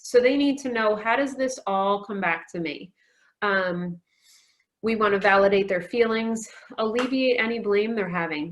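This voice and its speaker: A counselor in her forties gives a talk at a virtual conference, telling stories warmly with frequent "um" fillers. Her voice is mid-range and steady, at a moderate pace.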